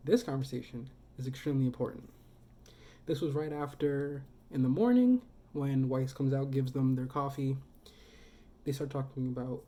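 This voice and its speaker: A woman's voice: rumbling low, moderate pace, dark tone. A woman casually retelling story scenes in a video essay, rambling and correcting herself as she goes. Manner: rambling, many fillers and self-corrections.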